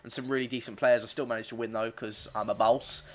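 A man's voice: mid-range voice, flat delivery, quick pace, a little hiss or hum. A man commentating on his own football video game play, swearing and getting frustrated with opponents. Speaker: gaming commentator. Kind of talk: gameplay commentary.

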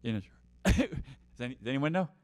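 With an expressive, mid-range voice and a fast pace, a middle-aged New Englander who works as a tour guide and teacher rambles through a casual virtual tour. He keeps restarting and laughing softly to himself.

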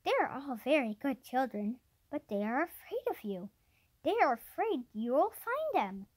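A calm, kindly town doctor who speaks quietly, as a woman reads him aloud in a storybook. The voice stays high and lively. He is read almost in her everyday voice. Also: moderate pace, breathy edge, full character voice. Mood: gentle. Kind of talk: storybook character voice.

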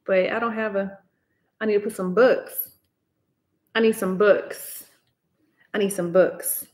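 A woman's voice: mid-range voice, unhurried, pauses often. A young woman hosting a casual livestream, chatty and exclaiming, often laughing, talking into a laptop microphone. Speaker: livestream host.

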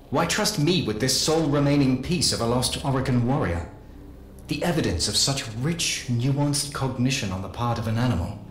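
Male narrator, low-pitched, unhurried, solemn lore reading; roomy echo, faint ambient music underneath. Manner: slow, solemn first-person narration. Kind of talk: dramatic reading of a game lore journal. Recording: echoey with ambient music behind. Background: faint dark ambient music.

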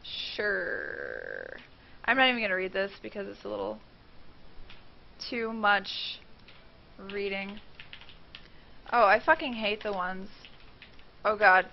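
A young woman streams a game live, swearing and letting out panicked shrieks as she comments. Her medium-pitched voice is gravelly and measured, with long pauses. The stream mic sounds dull and lo-fi, with faint noise.

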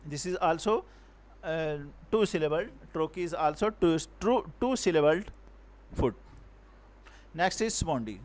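High-voiced man teaching poetry meter. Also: animated. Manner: halting, repeats and self-corrects words; non-native English grammar.

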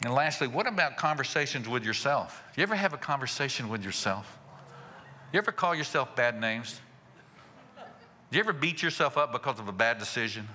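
A male pastor preaching a sermon in a folksy way, asking rhetorical questions and chuckling softly. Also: mid-range voice, expressive, brisk, big-room sound, slight background noise.

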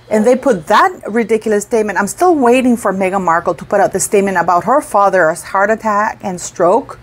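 A middle-aged woman with a slightly high voice delivers casual opinion commentary to her channel's viewers. She sounds indignant and emphatic and often repeats a word to drive her point home.

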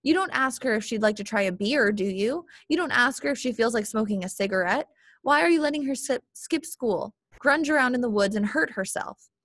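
A woman's voice: mid-range voice, moderate pace, gravelly, few pauses, fairly bright tone, slightly rough, no echo, studio quality. A woman voicing an anxious, critical stepmother who scolds sharply. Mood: indignant.

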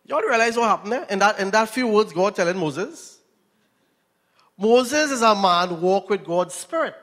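A man's voice: high-pitched, expressive, normal speed, a bit bright. Trinidadian man preaching in a hall. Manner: storytelling, asks the audience questions. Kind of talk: sermon. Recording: long reverb in a hall.

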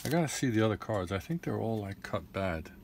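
A man's voice: fairly low pitch, sing-song, brisk, heavy background noise. A young man casually opening trading card packs, rattling off names and grumbling in frustration.

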